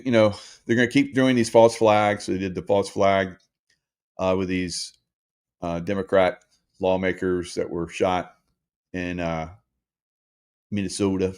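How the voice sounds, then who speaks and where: A man in his sixties, hosting a casual monologue for his followers, rambling with frequent hesitations and restarts. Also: low voice. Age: 60s. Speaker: host.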